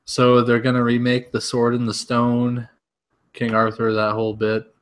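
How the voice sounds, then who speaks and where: A young man co-hosting a podcast, easygoing, running through topics with pauses. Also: mid-range voice, completely flat delivery. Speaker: podcast co-host. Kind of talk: casual chat.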